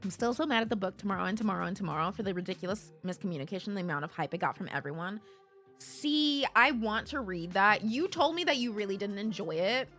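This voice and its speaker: A woman live streamer chatting casually with her viewers, blunt and animated and swearing freely, into a streaming microphone. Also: mid-range voice, fast talker, soft background music.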